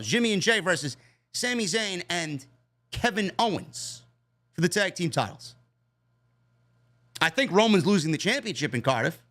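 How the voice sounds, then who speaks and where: Profane, animated wrestling reviewer, man. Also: high-pitched. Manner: blunt, profane, exasperated. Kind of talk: ranting show review.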